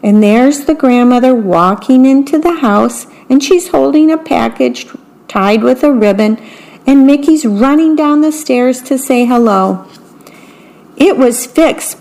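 Slow, careful woman reading a picture book. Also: fairly high pitch, expressive, a little mellow. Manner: slow, careful, describes the pictures between passages. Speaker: storyteller.

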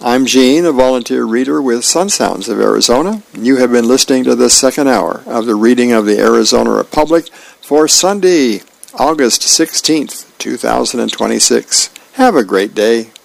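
A man reading a newspaper aloud as a volunteer reader, friendly and unhurried, with small slips he corrects. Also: medium pitch, gravelly, low-quality recording.

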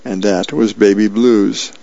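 A man with a low, gravelly voice reads newspaper columns and comic strips aloud at an easy, casual pace. The sound is dry and close, with a dull lo-fi tone. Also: steady tone, a little slow, warm tone, no echo. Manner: casual, with fillers. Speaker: radio reader.

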